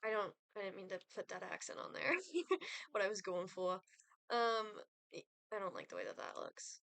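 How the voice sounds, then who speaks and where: A woman's voice: mid-range voice, huge pitch swings, normal speed, vocal fry, fairly bright tone. A young woman streaming a life-sim game, chatting casually with lots of fillers and giggles. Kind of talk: casual gameplay chat.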